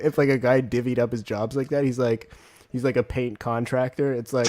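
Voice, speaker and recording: A man co-hosting a casual comedy podcast, rambling and joking, acting out quick bits of other people. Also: medium pitch, steady tone, a little mellow. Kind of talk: casual chat.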